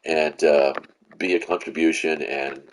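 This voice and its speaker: His voice is extremely low, steady and unhurried. This gaming channel host gives live commentary on his play, swearing and rambling out his frustration, with restarts and filler words throughout.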